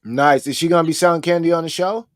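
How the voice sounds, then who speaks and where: A man's voice: a little high, fast, no echo, clean studio sound. Laid-back slangy man co-hosting. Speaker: co-host. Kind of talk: casual live-stream chat.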